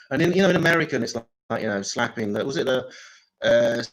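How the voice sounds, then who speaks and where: A man doing improvised stand-up comedy, deadpan with bursts of loud mimicry. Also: medium pitch, quick pace, poor audio.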